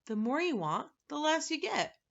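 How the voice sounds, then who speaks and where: Storybook dodecahedron, male, smug and precise, gravelly edge, read by a woman; lo-fi. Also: high voice, big pitch swings, normal speed, fairly bright tone, pitched above the performer's own voice, exaggerated voice. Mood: lecturing. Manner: precise, lecturing, self-satisfied. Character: fussy many-faced male dodecahedron.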